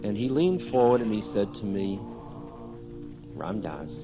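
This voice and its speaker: A man's voice: on the low side, expressive, fairly quick, dull audio, music in the background. A man, a spiritual teacher, telling a candid story about himself in a talk, self-mocking and often chuckling.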